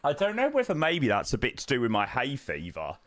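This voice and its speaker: Chatty streamer, lively dry voice. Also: male voice, medium pitch, fairly quick, no echo, soft background music. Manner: chatty, self-deprecating, thanking viewers. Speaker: flight simulator streamer. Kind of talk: casual live-stream chat. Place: at home.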